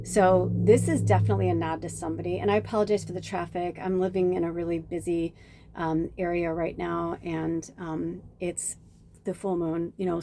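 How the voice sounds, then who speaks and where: A woman talks through a casual spiritual card reading in a mellow, relaxed voice. She rambles warmly between asides and fillers. She acts out little bits of dialogue along the way. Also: medium pitch. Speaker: tarot reader. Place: home near busy traffic.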